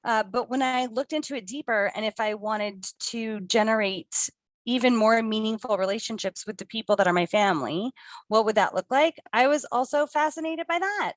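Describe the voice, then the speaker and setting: A woman's voice: on the high side, moderate pace, no room sound. A middle-aged woman giving a motivational talk, conversational and reflective with her audience. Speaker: co-host presenter.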